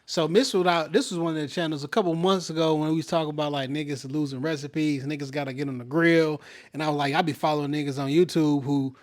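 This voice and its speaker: A man's voice: a little high, fairly even intonation, fast talker, hardly any pauses. A man with a Detroit accent, co-hosting a podcast in loose, slangy, laid-back banter. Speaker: podcast co-host. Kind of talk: casual chat.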